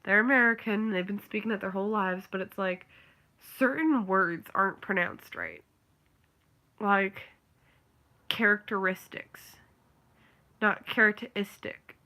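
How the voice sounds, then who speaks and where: A young woman talking straight to camera in an easy, rambling way. Her voice is bright and sharp, and she piles on fillers as she drifts into small rants. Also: medium pitch, normal speed. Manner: rambling, filler-heavy, ranting. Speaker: vlogger. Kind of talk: casual chat.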